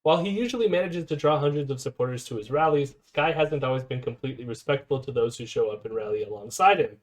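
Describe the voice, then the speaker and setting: A man's voice: medium pitch, quick pace. A man hosting a casual live stream, reading an article aloud and commenting with fillers and self-corrections. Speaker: streamer host.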